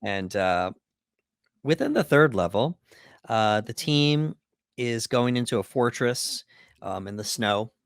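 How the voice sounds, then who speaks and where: A man's voice: mid-range voice, expressive, slow pace, creaky, clear, resonant tone, no room sound, clean studio sound. A man co-hosting a podcast, casually recapping a film's plot from his notes with plenty of fillers. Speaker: podcast co-host. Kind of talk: casual film breakdown chat.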